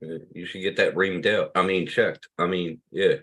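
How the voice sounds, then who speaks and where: A man's voice: deep voice, steady tone, moderate pace, pushed and bright, breathy edge. A man in his fifties from Pennsylvania, hosting a loose livestream chat, rambling and swearing freely. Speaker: livestream host.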